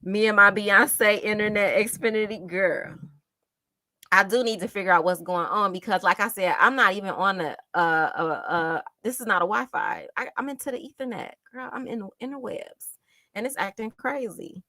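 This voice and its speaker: A woman hosting a casual live stream, reading viewer comments aloud and speaking with emphatic, impassioned repetition, sometimes sinking to a hushed near-whisper. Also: medium pitch, moderate pace, no room sound, clean studio sound. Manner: impassioned and emphatic, repeats phrases for stress; drops to a hushed near-whisper when moved. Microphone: home desktop setup with monitor.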